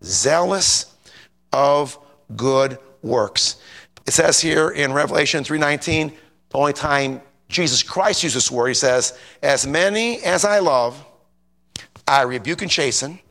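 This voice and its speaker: A man giving an informal sermon in a chatty, animated way, often asking the listeners questions. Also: on the high side, measured pace. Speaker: preacher.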